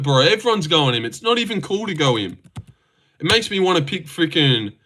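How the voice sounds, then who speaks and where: A man's voice: a little high, sing-song, fairly quick, bright, forceful tone. A young man chatting casually on a stream, joking, teasing and swearing as he reacts.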